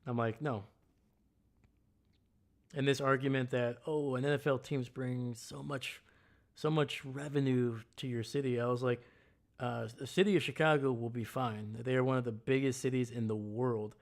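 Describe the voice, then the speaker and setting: On a casual live stream, a male host with a medium-pitched voice rants bluntly and heatedly about sports. His intonation stays fairly even and his speed is normal, and he greets the chat viewers loudly.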